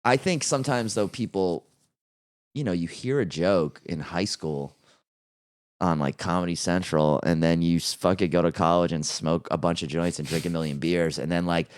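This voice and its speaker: Male comic hosting a casual podcast; low, expressive, rambling storyteller, dry mic. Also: normal speed, smooth, dry recording. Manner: animated, rambling storyteller who swears freely. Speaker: podcast host and stand-up comic. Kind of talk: casual chat.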